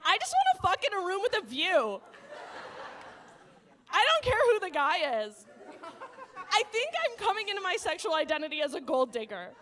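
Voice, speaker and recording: A woman doing stand-up on a comedy club stage into a handheld mic. Her voice sits very high and rings bright, and it swoops up and down a lot. She is brash and profane, and she laughs at her own jokes. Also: wildly swooping pitch, moderate pace, long pauses, a faint crowd.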